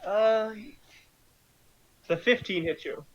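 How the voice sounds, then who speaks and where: A man running a tabletop game as game master, calling out rolls and damage in a relaxed, chatty way with frequent fillers, on dull lo-fi audio. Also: high voice, takes it slowly.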